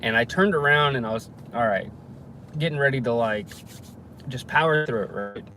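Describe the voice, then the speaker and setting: A man of ordinary pitch rants about a client, exasperated and loose, swearing and stumbling over restarts. He talks from inside a car, with clear traffic and engine noise underneath. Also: moderate pace, bright, forceful tone. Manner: exasperated, swears casually, many fillers and restarts. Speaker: handyman vlogger. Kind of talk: casual storytelling rant.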